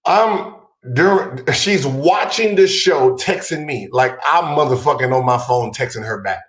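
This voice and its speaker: A man hosting a podcast, talking heatedly and profanely in a casual conversation, rising to shouts. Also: medium pitch, unhurried, roomy sound. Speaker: podcast host.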